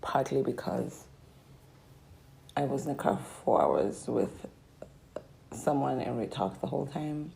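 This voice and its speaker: Young woman rambling thru a vlog update, low gravelly voice, throat sore and strained. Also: very animated, measured pace, pauses often, dark tone, a little hiss or hum, rough recording. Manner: meandering, reflective, trailing off. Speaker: vlogger. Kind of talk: casual life update monologue.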